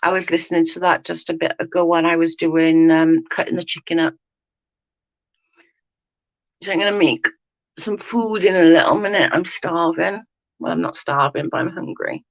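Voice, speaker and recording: A woman hosts a casual live chat with viewers, ranting bluntly and swearing with lots of "like" fillers. Her fairly low, creaky voice holds a steady tone at normal speed with frequent pauses, and the audio quality is poor.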